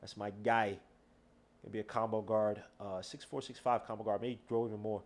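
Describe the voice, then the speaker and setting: A man's voice: fairly low pitch, level tone, fairly quick. A man hosting a casual game watch-along podcast, talking loosely with slang and trash talk. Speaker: podcast host.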